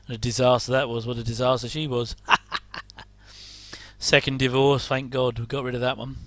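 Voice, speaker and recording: A man's voice: medium pitch, level tone, moderate pace, no room sound. A middle-aged English man rambling casually through a reaction commentary, with chatty, self-deprecating asides. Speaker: host.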